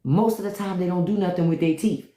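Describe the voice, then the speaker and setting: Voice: medium pitch, fast, warm tone, reverberant. A livestream host chatting casually with viewers, telling stories in a loose, profane way, often laughing and humming disapproval. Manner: loose, profane storytelling with frequent laughter and hums.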